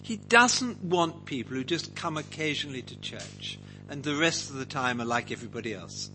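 A man's voice: fairly high pitch, animated, normal speed, pushed and bright, faint music behind, poor audio. A man teaching a Bible passage to a group, asking them questions and acting out quotes. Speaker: preacher leading a Bible study.

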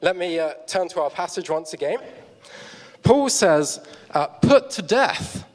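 A man's voice: fairly high pitch, expressive, measured pace, darkish tone. A man preaching a sermon on stage, telling a story with props and chatty asides to the audience. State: out of breath. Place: church hall stage. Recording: long hall reverb.

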